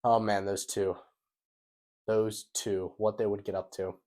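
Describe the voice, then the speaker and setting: A man's voice: fairly low pitch, flat delivery, unhurried, background noise. A young man rambling through a casual vlog commentary, repeating himself and swearing loosely. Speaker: vlogger.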